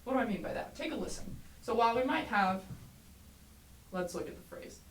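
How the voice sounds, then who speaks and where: A woman teaching a trumpet lesson, explaining clearly and encouragingly, sometimes singing rhythms aloud. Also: fairly high pitch, expressive, fairly quick. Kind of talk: music lesson tutorial. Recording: roomy echo, mic at a distance, faint background noise.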